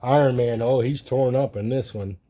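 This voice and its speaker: A man's voice: mid-range voice, steady tone, normal speed, mellow. A man casually chatting on his comics vlog, rambling as he shows off his drawings and a package of comics. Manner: rambling, chuckling, reads cartoon captions in silly voices. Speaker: comic collector vlogger. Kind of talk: casual chat showing artwork and comics.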